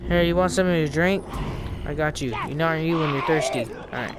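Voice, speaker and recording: A man commenting on his own gameplay, excitable and quick to yelp and laugh at scares. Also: a little high. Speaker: gamer. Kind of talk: let's play commentary. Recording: game sounds and noise behind.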